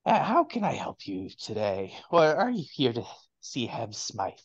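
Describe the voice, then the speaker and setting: A man's voice: medium pitch, wildly swooping pitch, husky, exaggerated voice. A man voicing a polite, formal male shopkeeper of a magic shop. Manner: courteous, measured, a bit formal. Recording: dull lo-fi, dry.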